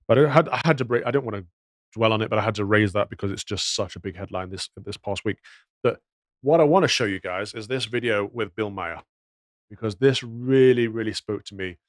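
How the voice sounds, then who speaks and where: A man's voice: lowish voice, brisk, no echo. A man giving indignant, moralizing commentary on news clips, full of rhetorical questions. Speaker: podcast commentator.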